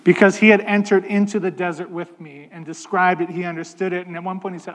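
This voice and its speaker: A man preaching a sermon in a conversational way, slowing down to stress key points. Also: sits high, little pitch movement, fairly bright tone, long reverb tail. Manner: conversational, slows down for emphasis. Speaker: pastor.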